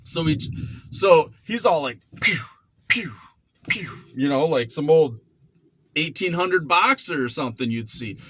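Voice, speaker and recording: His voice is on the high side and moves at normal speed, with no echo. A vlogger in his forties, he animatedly tells a casual story from his past, performing quotes and sound effects along the way.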